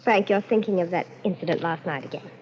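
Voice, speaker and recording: An actress playing a soothing, coaxing newlywed wife in 1940s radio acting. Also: female voice, fairly low pitch, fast, a little mellow, natural voice. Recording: dull old radio recording with hiss.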